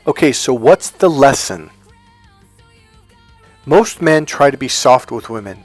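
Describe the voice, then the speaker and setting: A man's voice: mid-range voice, expressive, unhurried, long pauses, husky, dry recording. Foul-mouthed dating coach guy ranting, dry close sound, faint music behind. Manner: blunt, profane and emphatic. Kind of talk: storytelling monologue.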